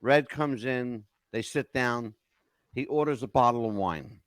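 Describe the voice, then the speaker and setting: An older man hosting a podcast, telling stories in a lively, emotional casual chat. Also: mid-range voice, measured pace, no room sound. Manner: animated storyteller, emotional swings. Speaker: podcast host.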